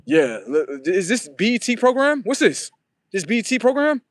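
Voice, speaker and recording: A man's voice: on the high side, lively intonation, normal speed, no room sound. A man hosting a livestream, rambling on in a profane, casual monologue and talking back to his viewers. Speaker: livestream host.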